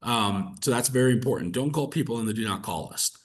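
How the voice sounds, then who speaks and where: A man coaching real estate agents through cold-call script practice, casual and energetic, peppering his talk with "like" and "right?". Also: medium pitch, fairly quick, husky. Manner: energetic, conversational, fillers like "like" and "right?". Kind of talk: coaching session with role-play practice.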